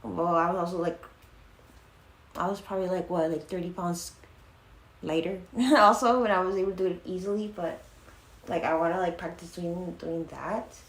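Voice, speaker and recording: A woman's voice: on the low side, normal speed, long pauses. A young woman streaming live, chatting casually in a rambling way full of fillers and swearing. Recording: echoey room.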